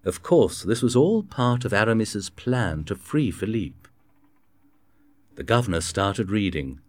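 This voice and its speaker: Low-voiced male storybook narrator. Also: expressive, unhurried, dry recording. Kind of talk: scripted narration.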